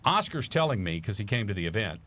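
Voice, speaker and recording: A man's voice: fairly low pitch, sing-song, quick pace, fairly bright tone, a little hiss or hum. A man talking casually on a podcast as a guest, telling an enthusiastic story with lots of fillers. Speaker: charity founder guest.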